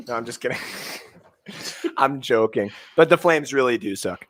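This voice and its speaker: A Canadian man in his thirties co-hosting a sports podcast, ranting with heavy swearing, swinging from shouting to muttering. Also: medium pitch, lively intonation, a little slow. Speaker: fantasy sports podcast co-host.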